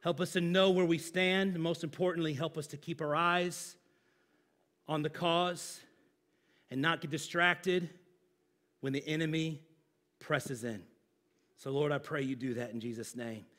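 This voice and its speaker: Man, pastor, sermon, high voice, emphatic and conversational. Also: fairly even intonation, unhurried, pauses often, a bit bright. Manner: conversational, emphatic preaching with vivid examples.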